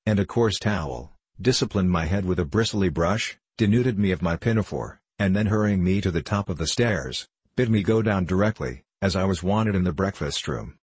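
A man narrating a classic novel in a measured, formal reading. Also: low voice, husky, no echo. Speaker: audiobook narrator.

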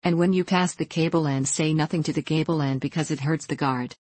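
A woman's voice: deep voice, fairly even intonation, brisk, darkish tone, no echo. A woman reading the announcements of an unseen male railway porter in a storybook, in a sing-song way. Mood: announcing.

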